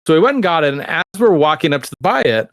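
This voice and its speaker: Male co-host, lighter pitch, laughing storyteller, dry room. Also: sing-song, quick pace, fairly bright tone, no room sound. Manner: laughing storyteller acting out a kid's lines. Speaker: podcast co-host. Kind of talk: casual chat.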